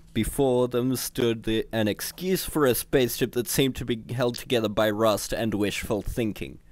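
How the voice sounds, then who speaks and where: A man casually reading a comedy book aloud on a livestream, chuckling at the jokes in an unpolished delivery. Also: mid-range voice. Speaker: reader. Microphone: home computer mic on a livestream.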